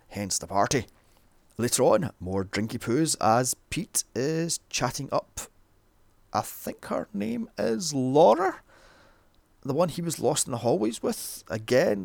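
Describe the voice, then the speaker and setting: A man's voice: mid-range voice, creaky, no echo. A man recapping a film in a sarcastic, comedic way. He swears often and keeps breaking in with mocking asides.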